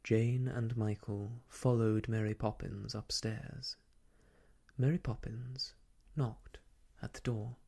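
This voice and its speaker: Slow, hushed male storyteller. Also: on the low side, fairly even intonation, gravelly. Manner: gentle, hushed, half-whispered. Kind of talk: soft-spoken ASMR story reading.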